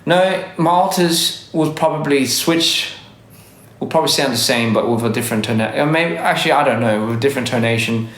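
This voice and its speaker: A man with a faded Australian accent rambles through a casual live-stream chat, restarting sentences and laughing as he goes. His voice sits at an ordinary pitch. The phone mic picks up a noticeably echoey room. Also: brisk, fairly bright tone. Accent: Australian English, softened by years abroad. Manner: rambling, self-correcting, frequent laughs. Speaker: livestreamer.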